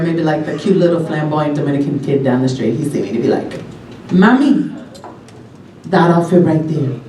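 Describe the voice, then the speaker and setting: Woman, stand-up comic, from Long Island, raunchy, animated, lively pitch, echoey club from a distance, loud audience. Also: background noise. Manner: brash, raunchy, animated storytelling with big pitch jumps. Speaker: stand-up comedian. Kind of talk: stand-up set. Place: comedy club stage. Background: audience laughter.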